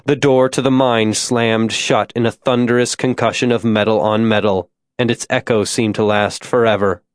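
A man reading a suspense audiobook aloud in a steady, measured storytelling voice. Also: on the low side, no echo, clean studio sound. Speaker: audiobook narrator. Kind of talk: scripted narration.

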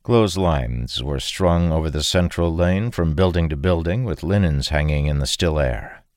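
A man reading fantasy fiction aloud in a steady, measured narration. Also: very deep voice, no echo, clean studio sound. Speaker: audiobook narrator.

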